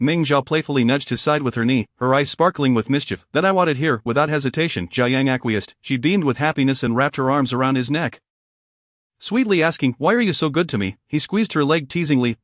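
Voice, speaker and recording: A man narrates a romance novel in a steady, smooth audiobook reading at a middling pitch. The recording is dry and close, with no room sound. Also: no echo.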